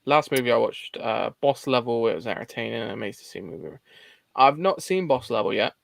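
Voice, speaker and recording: A man's voice: medium pitch, animated, brisk, gravelly, no echo. A man hosting a casual livestream chat about movies, rambling and laughing often. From England. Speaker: host.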